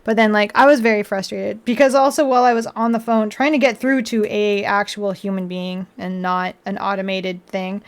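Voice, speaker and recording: A woman's voice: mid-range voice, fairly even intonation, normal speed, hardly any pauses, clear, resonant tone. A woman chatting casually on a live stream at home while building a model kit, laughing often and acting out her own annoyed comebacks. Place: indoors at home.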